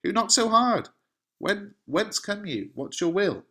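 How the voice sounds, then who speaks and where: A man reading the lines of a panicking male friar in hurried, urgent calls. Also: mid-range voice, very animated, a little mellow, natural voice. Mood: panicked.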